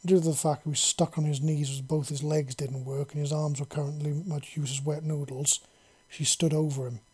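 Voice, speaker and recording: Man, story narrator, steady reading, husky. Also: on the high side, fairly quick. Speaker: audiobook narrator.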